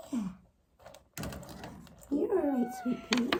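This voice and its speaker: A woman with a high, warm voice talks to her kittens in coaxing baby talk. She speaks unhurriedly, and her pitch swoops up and down as she soothes them. It is a casual home video. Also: sing-song, slow pace, pauses often, background noise. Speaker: cat owner filming her kittens.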